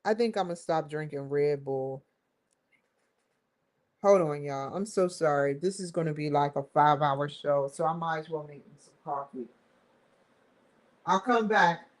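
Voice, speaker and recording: A woman hosting a casual study vlog, thinking aloud, muttering to herself and breaking into excited exclamations. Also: deep voice, measured pace, long pauses, rough recording. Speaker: host.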